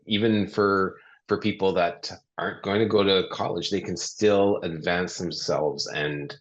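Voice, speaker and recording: A man with a very deep voice chats casually during a webinar and reads out audience comments. His manner is relaxed and unhurried. The audio sounds dull and lo-fi.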